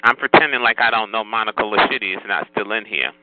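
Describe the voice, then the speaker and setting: A man's voice: fairly low pitch, fast, narrow, tinny audio, noisy background. A man hosting a phone chat line, scolding callers in a sassy way and calling everyone honey.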